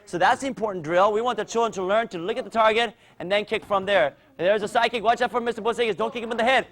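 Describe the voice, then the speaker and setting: High-pitched guy running a kids martial arts class, upbeat, keeps yelling encouragement. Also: fast, hardly any pauses. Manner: energetic, coaching and cheering children on. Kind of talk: instructional demo with kids.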